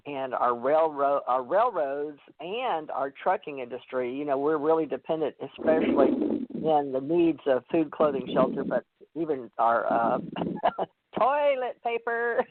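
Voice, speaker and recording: A man's voice: medium pitch, dry recording. Guy hosting a call-in show, rambly, lots of uhs, tinny phone sound, dry. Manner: rambling, hesitant, many fillers. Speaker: radio show host. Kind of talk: casual call-in chat.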